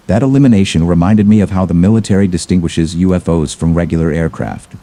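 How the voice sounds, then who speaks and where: A man narrating a scripted horror story in a measured, ominous manner. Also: low-pitched, warm tone.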